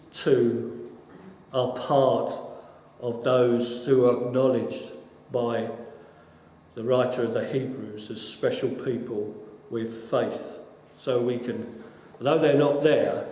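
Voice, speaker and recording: A man teaches from scripture at an unhurried pace, stopping often to find his words and restarting his sentences. His voice carries a long hall reverb, and faint ambient noise hangs behind him. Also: mid-range voice, darkish tone. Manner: slow, halting, with many pauses and restarts. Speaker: Bible teacher. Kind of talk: unscripted Bible teaching.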